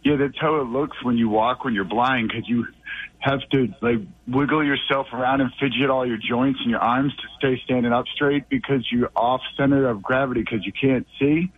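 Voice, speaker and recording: A man from the Boston area calls in over a tinny, dry phone line. He rambles in an excitable way and flares into mock outrage, with an ordinary mid-range voice. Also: mid-range voice, moderate pace, slightly rough, no room sound. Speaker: regular radio caller.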